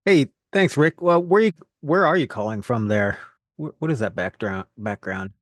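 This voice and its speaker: A man's voice: mid-range voice, animated, moderate pace, no echo, clean studio sound. A man hosting a call, friendly and brief as he thanks speakers and passes the turn. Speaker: host.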